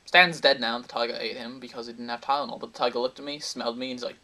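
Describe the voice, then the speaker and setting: A man telling a rambling, absurd comic story in a deadpan way, breaking now and then into sudden high outbursts. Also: very fast, distant mic. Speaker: comedic storyteller. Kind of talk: absurd rambling comedy monologue.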